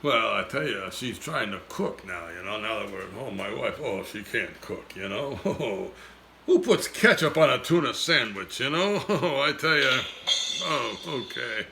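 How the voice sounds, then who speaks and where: A man's voice: mid-range voice, animated, creaky, pushed and bright, a little hiss or hum, full character voice. A man doing a wisecracking hard-luck comedian who gets no respect, firing off gag one-liners. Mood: complaining. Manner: rapid gag one-liners, "I tell you". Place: home lanai porch.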